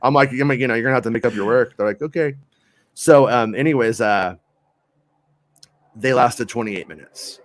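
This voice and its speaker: A man's voice: medium pitch, moderate pace, no room sound. A man in his thirties co-hosting a casual review chat, telling loose joking stories and swearing casually. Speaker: podcast co-host.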